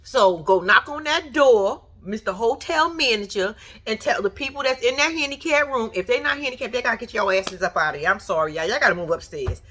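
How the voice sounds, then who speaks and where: A woman's voice: fairly high pitch, animated, a little fast, sharp tone. A woman giving blunt, profane reaction commentary in a casual vlog, talking straight at the person on the show. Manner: blunt, profane, sassy, talks straight at the TV figure. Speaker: reaction vlogger.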